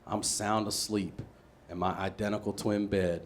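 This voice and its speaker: A male stand-up comedian from Maryland telling a story on a comedy stage, animated and acting out voices, building up to loud punchlines. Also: on the low side, normal speed, a little hiss or hum. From Maryland, USA. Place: comedy stage with a live audience.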